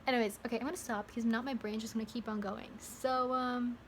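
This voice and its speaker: Young woman ranting about a movie to her camera, kinda high voice, tons of likes and restarts, faint hiss behind. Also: steady tone, fast talker. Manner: rambling, self-interrupting, frequent "like" fillers. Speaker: vlogger. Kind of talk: casual movie review monologue.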